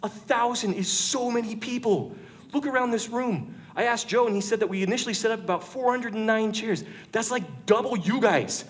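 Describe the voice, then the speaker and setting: A male preacher tells the story to a full church room in a conversational, jokey sermon. His voice sits a little higher than most men's, and he keeps it animated and playful. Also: normal speed. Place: large church room with an audience.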